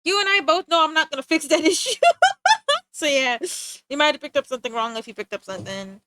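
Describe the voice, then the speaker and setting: A woman livestreaming while she draws, chatting in an animated, joking, self-mocking way and laughing easily. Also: high voice, fast, dry recording, low-quality recording. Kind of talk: casual stream chat while drawing.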